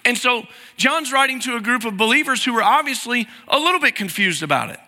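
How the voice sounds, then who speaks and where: A man's voice: extremely high pitch, animated, brisk, sharp tone. A middle-aged man preaching a conversational sermon from a church sanctuary, asking the congregation to repeat after him. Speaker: pastor. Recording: hall reverb.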